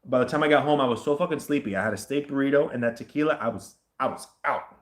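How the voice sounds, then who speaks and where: A man chatting casually as the host of a livestream question session, rambling, animated and swearing often. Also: mid-range voice, fast talker, roomy sound. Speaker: host answering viewer questions.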